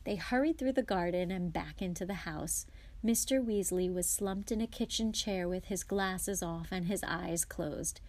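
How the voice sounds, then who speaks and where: A woman, a guest reader, reading a chapter book aloud with steady, clear storytelling. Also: lowish voice, unhurried.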